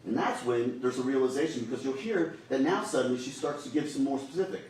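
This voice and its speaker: A man's voice: medium pitch, quick pace, darkish tone. A man arguing a case to a jury in a large courtroom, speaking with emphatic urgency. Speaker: trial attorney. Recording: very echoey courtroom audio from a distant mic with faint hiss.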